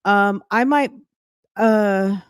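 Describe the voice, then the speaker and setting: A woman hosts a relaxed live stream, chatting with viewers and greeting them by name. She talks at an unhurried pace in a smooth, clear voice, with a close, dry sound and no room echo. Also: mid-range voice. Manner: chatty, greets viewers by name, thinks aloud while reading. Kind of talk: casual live-stream reaction chat.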